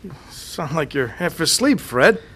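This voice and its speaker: An actor in a radio drama playing a chatty, friendly duck-hunting buddy. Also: male voice, fairly high pitch, sing-song, measured pace, fairly bright tone, a little hiss or hum, heavily acted. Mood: easygoing.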